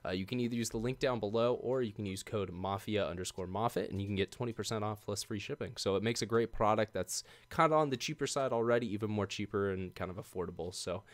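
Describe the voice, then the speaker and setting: A relaxed male podcast host with a fairly low voice, talking casually and laughing easily between thoughts. He reads a sponsor message with the same loose, filler-heavy chat as the rest of the show. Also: fast talker, hardly any pauses. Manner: laid-back, chatty, laughs often, many fillers.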